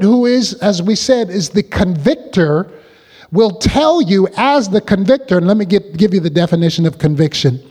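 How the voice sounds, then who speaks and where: A man's voice: sits high, darkish tone, big-room sound. A man preaching a sermon as pastor, drawing the congregation in with call-and-response questions.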